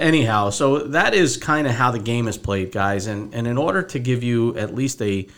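A man's voice: fairly low pitch, clean tone. A man hosting a podcast as a financial advisor, telling a story casually and acting out both sides of a phone call.

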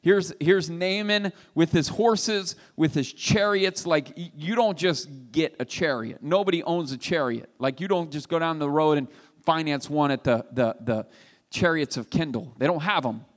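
A man preaching a sermon, retelling a story with animated, emphatic delivery. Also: a little high, normal speed. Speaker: pastor. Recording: reverberant hall.

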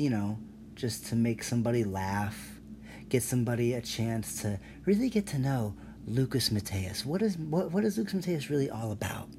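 A man's voice: mid-range voice, warm tone, slight background noise. Rambling, profane male podcaster. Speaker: podcast host. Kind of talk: solo podcast rant.

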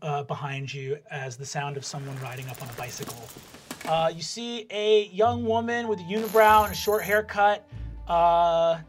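A man narrating as game master in a tabletop game, halting with lots of fillers. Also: fairly high pitch, soft background music.

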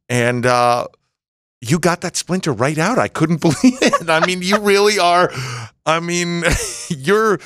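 A man's voice: fairly high pitch, lively intonation, unhurried, a bit bright, dry recording. Middle-aged man, podcast guest, loose self-deprecating joker, lots of ums, dry close recording. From United States. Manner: rambling, self-mocking, jokey storytelling with many fillers. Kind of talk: casual podcast chat.

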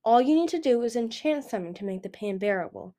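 Woman doing a smooth, confident young male dragon, teasing and persuasive, audiobook character. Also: on the high side, animated, fast, mellow, lightly acted. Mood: coaxing.

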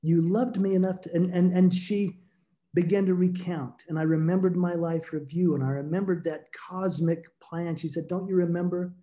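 A man's voice: a little high, fairly even intonation, mellow, lo-fi sound. A man, a guest author, telling a personal story in an interview, earnest and reflective, often repeating words as he searches for them. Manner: halting, repeats words when emotional.

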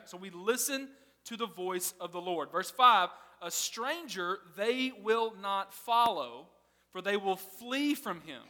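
Guy preaching a sermon, high bright voice, loose and chatty, big echoey hall. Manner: casual, laughing, conversational preaching. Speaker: pastor.

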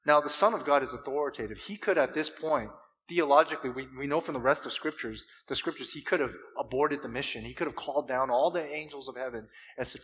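A man preaching a sermon with impassioned swells and dramatic pauses, from California. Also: mid-range voice, a bit bright. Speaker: pastor. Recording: long hall reverb.

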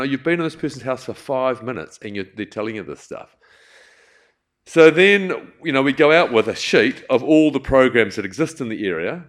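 A man's voice: lowish voice, a bit bright. A man with a New Zealand accent giving a rambling, chatty talk about community work, full of asides. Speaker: community charity speaker. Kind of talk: storytelling talk to an audience.

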